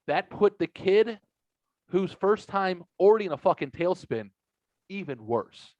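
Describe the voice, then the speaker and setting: A man's voice: high-pitched, measured pace, dry recording. A man hosting a podcast, telling a long, profane story in a rambling, casual way. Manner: rambling, profane, animated retelling. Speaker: podcast host. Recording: dry, dull lo-fi sound.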